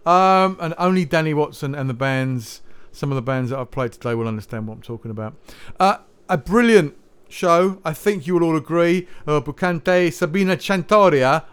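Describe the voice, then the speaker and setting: A man's voice: mid-range voice, clear, resonant tone. A man hosting a music podcast, chatting between tracks in a rambling, jokey way. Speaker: podcast host.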